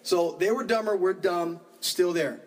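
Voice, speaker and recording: A man preaching a sermon as pastor, animated, acting out the voices of his congregation. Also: high-pitched, unhurried, far from the mic, rough recording.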